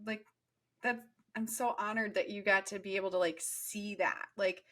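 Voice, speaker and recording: A woman's voice: medium pitch, steady tone, moderate pace, a bit bright. Earnest woman host musing on spirit. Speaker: podcast host. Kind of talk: conversational interview.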